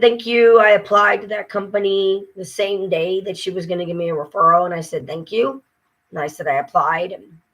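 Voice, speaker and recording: A woman's voice: on the low side, fairly bright tone, slightly rough, rough recording. An exhausted woman talking casually to her viewers, weary and frustrated, venting with mocking asides. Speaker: vlogger. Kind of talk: casual talk to camera.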